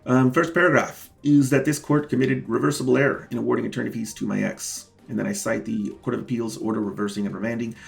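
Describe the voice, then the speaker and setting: This channel host, representing himself in court, goes over his filings on his vlog, addressing viewers as "guys" with casual indignation and emphatic repetition of key words. He talks quickly with few pauses in a steady, medium-pitched voice with vocal fry, over soft background music.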